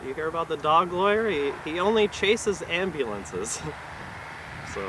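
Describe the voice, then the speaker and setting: This stand-up comedy set features a male comedian whose voice sits a little high, speaking somewhat slowly at a live venue. He hedges with filler words and lands each line in an awkward, deadpan way, with clear background noise audible.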